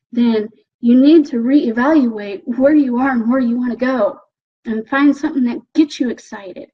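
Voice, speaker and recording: A woman giving an animated motivational talk, coaxing the listener and often checking in with "okay?". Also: fairly high pitch, moderate pace, husky. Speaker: motivational speaker. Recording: dull lo-fi recording.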